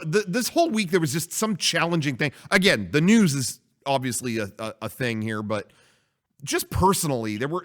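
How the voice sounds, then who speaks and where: A man's voice: mid-range voice, fairly bright tone. A man co-hosting a casual podcast, telling a rambling story with frequent swearing. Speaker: podcast co-host.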